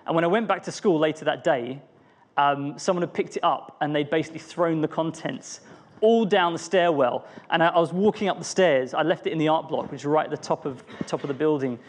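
A man's voice: on the high side, brisk. A young man giving an earnest, personal devotional talk, often restarting his phrases. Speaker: preacher.

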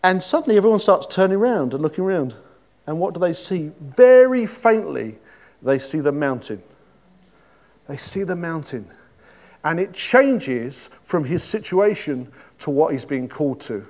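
A man's voice: fairly high pitch, expressive, normal speed, a little mellow. A man giving an informal sermon, chatty and joking, with many restarts. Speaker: preacher.

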